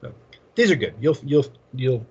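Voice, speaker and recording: A man's voice: medium pitch, big pitch swings, moderate pace, slightly rough, highs cut off. A man teaching a college class in a casual, rambling lecture, chuckling often and telling anecdotes. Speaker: college instructor.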